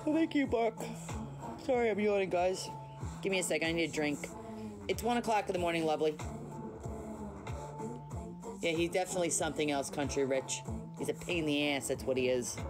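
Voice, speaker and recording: With music in the background, a woman with a lowish voice talks fairly quickly, leaving long pauses. She's hosting a casual nighttime phone livestream from home, chatting and teasing as she responds to viewer comments.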